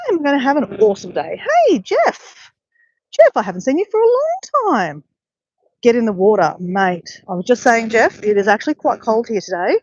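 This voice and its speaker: A woman's voice: a little high, big pitch swings, normal speed, darkish tone, dry recording, lo-fi sound. Chatty woman live-streaming outdoors. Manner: chatty and upbeat, talks straight to viewers. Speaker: livestream host. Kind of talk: casual live-stream chat, greeting viewers. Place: outdoors on a clifftop by a bay. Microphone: handheld phone.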